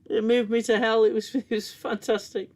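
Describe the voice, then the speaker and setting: A man's voice: sits high, little pitch movement, moderate pace, a little mellow. A man hosting a casual review livestream, talking in a rambling, candid way, swearing often and laughing easily.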